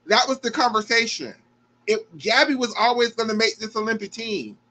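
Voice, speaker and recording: A man hosts a reaction show, his voice sitting a little high for a man. He talks emphatically and emotionally and swears without holding back. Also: lively intonation, normal speed, bright, forceful tone, rough recording.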